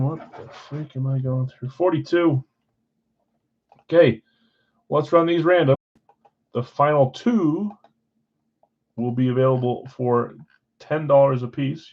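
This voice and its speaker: A man's voice: mid-range voice, muffled recording. A man hosting a live sports card break, casually rattling off player names and who got which spot.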